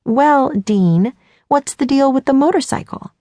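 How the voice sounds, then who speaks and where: A woman's voice: high voice, lively intonation, a little slow, dark tone, no room sound, studio quality, voice pushed up. A woman playing a nervous, sarcastic teen girl. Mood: awkward. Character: awkward, sharp-tongued teenage girl, rambling.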